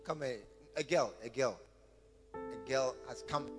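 A man preaching a sermon through an interpreter, with an animated delivery that acts out little scenes. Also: medium pitch, a little slow. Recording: echoey hall with faint music.

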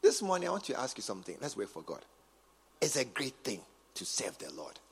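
A man with a Ghanaian English accent preaching a sermon as bishop, emphatic and repetitive, swinging from quiet asides to shouts. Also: medium pitch, wildly swooping pitch, a little fast, gravelly, breathy edge, long reverb tail. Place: large cathedral.

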